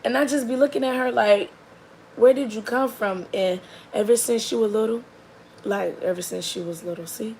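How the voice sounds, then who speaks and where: Give me a young woman with a slightly high, gravelly voice, spinning a casual comic tale. She talks in an animated, chatty way, dropping quick asides as she goes. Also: a little hiss or hum, low-quality recording. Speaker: storyteller. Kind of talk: casual comedic storytelling.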